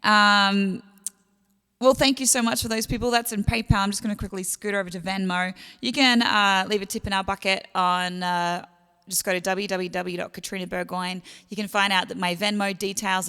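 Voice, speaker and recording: A young Australian woman hosts a livestream concert from home during lockdown, chatting casually with viewers between songs, greeting them by name, thanking them for tips, and using plenty of fillers. Her voice is on the low side, creaky, a bit bright, and clean, sounding as if in a large hall.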